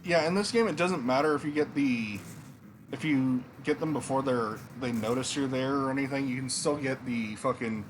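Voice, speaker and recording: A man giving casual, rambling gameplay commentary, swearing freely and pausing with fillers. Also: medium pitch, slight background noise. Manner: rambling, profane, hesitant. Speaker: let's play gamer.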